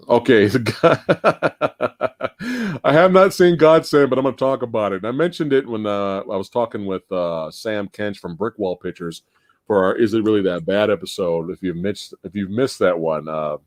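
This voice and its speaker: A man hosting a live movie podcast in casual chat, animated and profane, laughing often. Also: fairly low pitch, unhurried, dry recording, clean studio sound. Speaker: podcast host.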